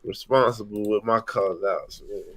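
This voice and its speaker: A man co-hosting a podcast in relaxed, slangy casual chat, a little tipsy. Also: lowish voice. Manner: relaxed, slangy, slow drawl. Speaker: podcast co-host.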